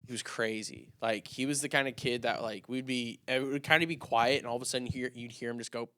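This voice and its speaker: A young man co-hosting a podcast, a youth pastor telling a story in a casual, animated way and acting out the dialogue. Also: medium pitch, a little fast, dry recording, clean studio sound. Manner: animated, acts out quoted dialogue.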